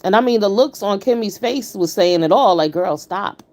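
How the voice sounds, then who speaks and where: A woman's voice: medium pitch, a little fast, a little mellow. Brief: outspoken woman streamer, mid-range voice, frank and salty live commentary, talks straight to her chat. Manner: blunt, profane, emphatic. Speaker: livestream commentator.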